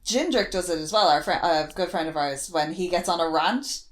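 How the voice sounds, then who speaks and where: Irish woman podcast co-host, lower voice, loose animated chatter with the odd swear. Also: a little fast. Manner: rambling, animated, swears casually. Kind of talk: casual chat.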